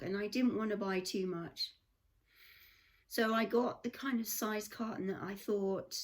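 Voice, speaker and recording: An English woman vlogger telling a rambling personal story in a chatty way, full of asides. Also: mid-range voice. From England. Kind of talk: casual storytelling.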